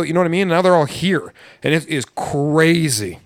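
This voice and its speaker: A man's voice: a little high, lively intonation, normal speed, few pauses, no echo, studio quality. A man who hosts a podcast and works as a server, chatting casually in a blunt, profane, ranting way. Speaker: podcast host and restaurant server. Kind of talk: casual chat.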